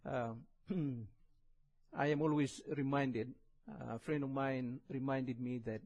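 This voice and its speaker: A man with a strong Indonesian accent preaching in a church, chatting and joking before he reads scripture slowly. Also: mid-range voice, fairly even intonation, darkish tone, lo-fi sound. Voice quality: husky, heavily accented English. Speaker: visiting preacher. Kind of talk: sermon.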